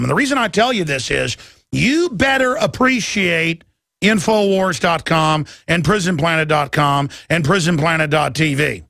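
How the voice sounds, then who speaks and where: A man's voice: fairly high pitch, animated, moderate pace, vocal fry, pushed and bright, dry recording, clean studio sound. A man in his thirties hosting a talk radio show, delivering an impassioned, ranting monologue. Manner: impassioned, ranting, mimics others in quoted voices. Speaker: radio host.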